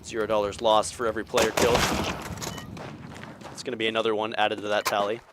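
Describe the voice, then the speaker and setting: A young man casting an esports match solo, with energetic play-by-play that climbs on big plays. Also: lowish voice, rapid-fire, noisy background. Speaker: esports caster. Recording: game gunfire loud under voice. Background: game sound effects and gunfire.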